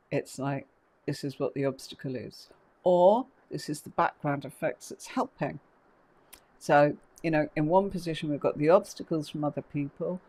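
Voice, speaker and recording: A woman's voice: sits low, a little mellow. Woman, tarot teacher, live-stream tutorial, chatty, rambling, lots of ums. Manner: rambling, chatty, many fillers.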